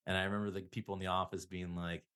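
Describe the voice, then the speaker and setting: A man's voice: deep voice, flat delivery, racing, a bit bright, clear, resonant tone. A middle-aged man, a psychotherapist guest, telling rambling self-deprecating stories in a casual interview.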